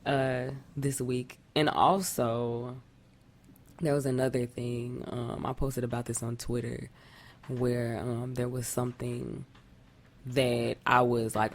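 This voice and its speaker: Very low, gravelly woman with a stuffy nose. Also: little pitch movement, takes it slowly. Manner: rambling, restarts often. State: stuffy nasal voice from a cold. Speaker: podcast co-host. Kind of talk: casual chat.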